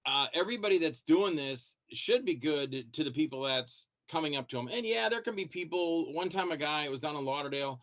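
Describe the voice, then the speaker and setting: High-voiced man telling rambling stories. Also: expressive, brisk, hardly any pauses, fairly bright tone, highs cut off. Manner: rambling, repeats words, acts out fans' lines. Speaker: guest B-movie actor calling in. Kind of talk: casual storytelling on a call-in show.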